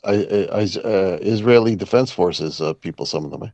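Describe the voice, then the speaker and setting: A man from Canada co-hosting a podcast, talking haltingly in casual chat with many fillers and chuckles. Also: low voice, warm tone, dry recording. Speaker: podcast co-host. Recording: dull lo-fi sound.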